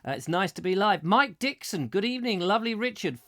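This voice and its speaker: A man's voice: sits high, expressive, fast talker, sharp tone. A middle-aged man hosting a live chat show, chatty and theatrical with rambling asides while he reads out viewer comments. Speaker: host.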